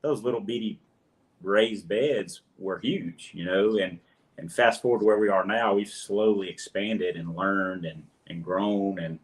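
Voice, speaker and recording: A man's voice: low voice, unhurried. A man with a Louisiana accent, a guest homesteader talking in a hesitant, earnest way, often repeating words. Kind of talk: casual interview chat.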